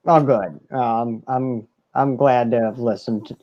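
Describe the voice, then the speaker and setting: A man's voice: mid-range voice, fairly even intonation, unhurried, muffled recording. Male host, casual live-stream chat, easygoing.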